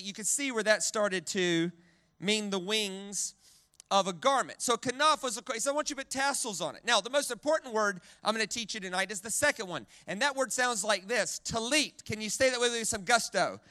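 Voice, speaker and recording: A man preaching a sermon with a very high, bright voice and a dry, close sound. He is animated, has the crowd repeat words back to him, and often stumbles and restarts mid-phrase. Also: fairly quick, no echo. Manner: animated, leads the crowd in call-and-response repetition. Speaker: guest preacher.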